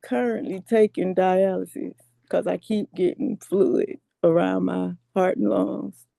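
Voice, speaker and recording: A woman, a guest in an emotional interview, speaking softly and wearily. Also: medium pitch, animated, gravelly, dry recording. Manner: slow, soft-spoken, weary.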